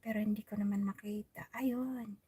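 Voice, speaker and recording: A woman with a Filipino accent chatting on a live stream from inside a parked car, soft-spoken and often dropping to a near whisper. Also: mid-range voice, steady tone, a little fast, breathy edge, dry recording. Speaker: vlogger hosting a live stream. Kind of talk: casual live-stream chat with viewers.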